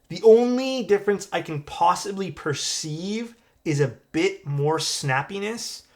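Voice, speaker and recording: Laid-back Canadian man streaming live. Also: a little high. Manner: relaxed, chatty, answers chat questions. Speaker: streamer building a keyboard. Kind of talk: casual live-stream chat. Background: faint music.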